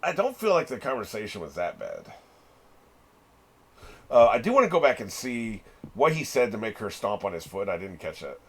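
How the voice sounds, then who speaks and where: Middle-aged guy with a slightly raspy voice and animated pitch, casual reaction-channel host. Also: normal speed, long pauses. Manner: chatty, swears freely, laughs often.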